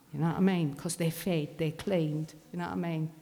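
A woman's voice: lowish voice, fairly even intonation, a little fast, hardly any pauses, darkish tone. A middle-aged woman telling a blunt, swearing personal recovery testimony. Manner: blunt, swearing, working-class London speech. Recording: long reverb of a hall.

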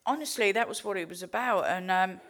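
A woman's voice: medium pitch, fairly quick, fairly bright tone. An English woman giving a candid, heartfelt recovery testimony, swearing freely and telling her story with animation. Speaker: recovery speaker.

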